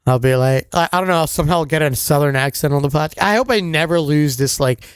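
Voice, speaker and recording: A young man with an East Coast American accent chats loosely on a podcast, joking and padding his sentences with fillers. His voice sits a little high and sounds smooth and clear. The recording is close and dry. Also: fast, no echo. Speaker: podcast co-host. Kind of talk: casual chat.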